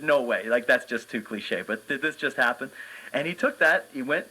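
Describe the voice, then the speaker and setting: A man's voice: mid-range voice, normal speed, bright, forceful tone, rough recording. A man who works as a children's entertainer and magician, speaking earnestly and enthusiastically as a guest in a radio interview, with many fillers and restarts.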